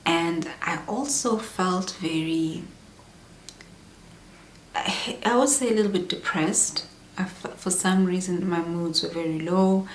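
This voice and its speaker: A woman in her thirties, candidly chatting through a personal pregnancy vlog, sometimes dropping into soft whispery asides. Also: fairly low pitch. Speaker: vlogger. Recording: echoey room with faint hum.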